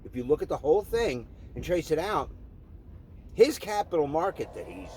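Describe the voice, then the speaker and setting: A man's voice: on the high side, sing-song, moderate pace, dark tone, slight background noise. A man delivering an angry, profane political rant, heated and repetitive. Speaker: vlogger.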